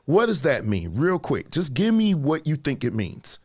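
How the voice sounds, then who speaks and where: A man's voice: fairly high pitch, normal speed. A man hosting a live discussion show, chatting casually and reading out viewer comments as he quizzes his audience. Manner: animated, conversational, quizzing the audience. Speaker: livestream show host.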